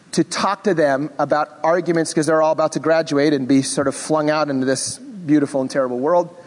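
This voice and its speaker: A high-voiced, middle-aged man leads a Bible class with lively, expressive energy. He slips in self-deprecating asides as he goes. The sound has a long hall reverb. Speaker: Bible teacher.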